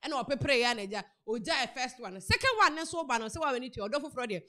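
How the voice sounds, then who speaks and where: A woman's voice: high voice, fast. A woman with a Ghanaian accent giving casual, chatty celebrity news commentary, retelling a story with lots of repetition. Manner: chatty, animated storytelling with repeated words. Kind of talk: casual news commentary mixing Twi and English.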